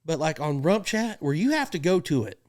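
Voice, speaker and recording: A man's voice: a little high, a little fast. A man who works as a rodeo clown, telling stories in a casual podcast chat, laughing often and acting out what people said. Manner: animated, laughing, acts out quotes.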